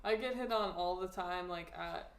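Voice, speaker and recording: A woman's voice: fairly low pitch, moderate pace. A woman co-hosting a casual podcast chat, joking around and laughing while she tells stories. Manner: laid-back, joking, laughs often. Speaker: podcast co-host. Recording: roomy echo.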